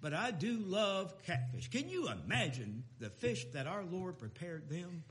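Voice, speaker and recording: A man preaching a sermon in a folksy, emphatic way, swinging between loud declarations and quiet asides. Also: high voice, very animated, measured pace. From Texas.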